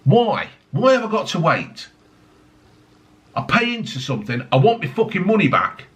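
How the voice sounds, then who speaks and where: A man's voice: sits high, huge pitch swings, normal speed, fairly bright tone. A man ranting angrily on his vlog, swearing heavily, mocking people and piling on tag questions. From United Kingdom. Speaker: vlogger. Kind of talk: angry political rant.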